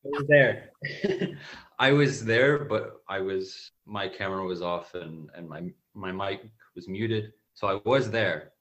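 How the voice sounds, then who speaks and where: Low-voiced hesitant man. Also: slow, fairly bright tone, slight background noise, low-quality recording. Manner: self-mocking, hesitant. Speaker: podcast editor and guest. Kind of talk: casual podcast chat.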